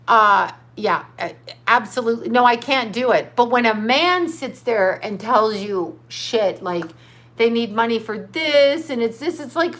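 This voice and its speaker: A woman's voice: a little high, expressive, unhurried, a bit bright. A middle-aged woman hosting a casual livestream as a psychic, rambling through viewer comments and breaking into profane outbursts. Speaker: livestream host.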